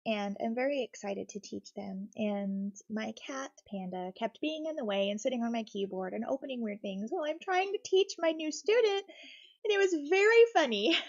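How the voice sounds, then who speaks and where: A woman with a fairly high voice and a gravelly fry talks softly and reassuringly as she works on a craft kit. She sits close to the mic, and the sound is dry and a little dull. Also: expressive, normal speed, hardly any pauses, dry recording. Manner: soft-spoken, reassuring, gentle. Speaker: craft streamer. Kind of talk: cozy casual chat while building.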